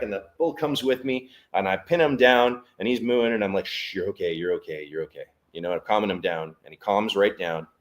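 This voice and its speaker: A man with a very low voice tells a story in conversation. He acts out the other people's lines with energy as he talks. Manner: animated storyteller acting out dialogue. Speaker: guest, barbershop business owner.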